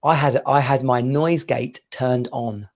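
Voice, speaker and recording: A man's voice: mid-range voice, steady tone, a little slow. A man from the UK in his thirties, hosting a casual podcast chat and rambling through stories between laughs. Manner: rambling, chatty storyteller who laughs often. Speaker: podcast host.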